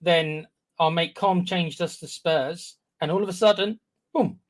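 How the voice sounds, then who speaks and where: A man with a slightly high voice banters easily on a casual fan stream. He teases his co-host and explains things in a loose, friendly way. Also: a little slow. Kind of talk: casual chat.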